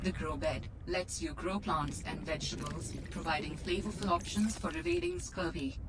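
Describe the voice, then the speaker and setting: A woman voicing a calm computer assistant, speaking in a flat, informative way. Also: lowish voice, normal speed, close to an everyday voice. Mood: neutral. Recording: game audio with engine noise.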